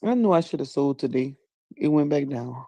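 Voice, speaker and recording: A woman in casual chat, telling funny stories with lots of laughs and bursts of high-pitched voices for the people she quotes. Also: moderate pace, dry recording. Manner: animated storyteller, laughs often, jumps into high voices for quotes.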